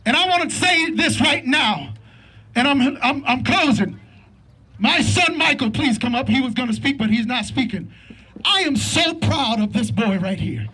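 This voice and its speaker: A man's voice: very high-pitched, lively intonation, normal speed, pushed and bright, husky. A middle-aged man giving an impassioned rally speech at a street protest, fervent and repetitive with a preacher-like cadence. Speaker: protest speaker. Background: faint crowd.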